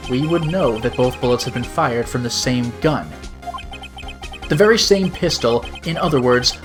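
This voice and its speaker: A man reading the lines of an earnest young male defense attorney in a game, explaining steadily and deliberately. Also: medium pitch, close to an everyday voice. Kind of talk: reading game dialogue aloud.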